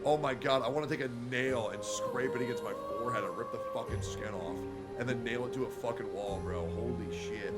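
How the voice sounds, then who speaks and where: A young adult male streamer talks into a headset in his own cluttered room. He vents in a heated, profanity-packed rant at an ordinary middle pitch, and game music runs behind him. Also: fairly quick. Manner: angry, heavily profane venting. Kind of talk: casual livestream rant.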